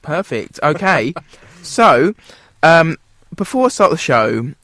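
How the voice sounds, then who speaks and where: A man's voice: a little high, very animated, slow, pushed and bright, dry recording. A young man hosting a casual radio chat show. He rambles, loses his words and breaks into laughs. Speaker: host.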